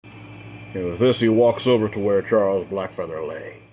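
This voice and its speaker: A man with a low voice narrates a dark fantasy story, swelling in force on the action beats. He strings events together with repeated linking phrases, and a faint hum sits under the recording. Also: moderate pace, lo-fi sound. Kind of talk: dramatic fiction narration.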